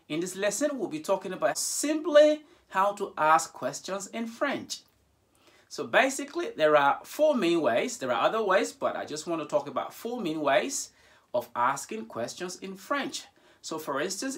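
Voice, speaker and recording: Male language teacher with a very lively, swooping voice; patient and repetitive with examples. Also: high-pitched. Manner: repeats each example aloud, speaking questions with a sharply rising voice. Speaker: French teacher. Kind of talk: bilingual grammar lesson.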